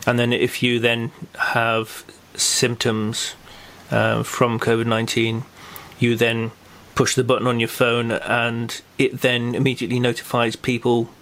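A man's voice: medium pitch, completely flat delivery, a little slow, fairly bright tone. A man co-hosting a local podcast, chatting casually and running through the news, rambling with lots of fillers and restarts. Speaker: podcast co-host. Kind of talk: casual chat and news rundown.

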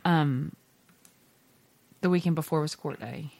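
A woman's voice: low voice, measured pace, creaky, a little mellow. A woman in her thirties co-hosting a casual chat, teasing and laughing often. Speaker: podcast co-host.

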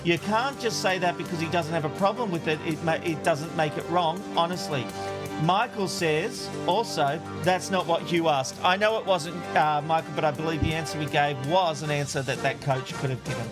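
A man with a high-pitched voice hosts a casual talk show, breezily reading listener messages aloud. He laughs easily and chats in a relaxed way. Music plays clearly behind him. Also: normal speed. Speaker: radio talk show host.

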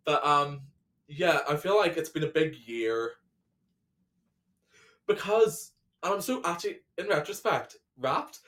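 A man's voice: on the high side, lively intonation, unhurried, long pauses, fairly bright tone. A man co-hosting a podcast in casual chat, talkative, swearing and laughing often. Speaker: podcast co-host.

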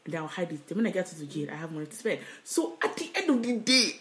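A woman co-hosting a podcast in casual chat, swinging into loud mock rants. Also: fairly low pitch, very animated, fast talker. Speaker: podcast co-host. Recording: echoey room.

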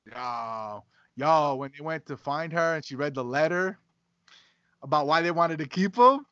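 A man with a high, bright voice co-hosts a podcast in casual chat. He teases and banters in an easygoing way and laughs along. The audio is dull and lo-fi. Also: lively intonation, measured pace, clean tone. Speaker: podcast co-host.

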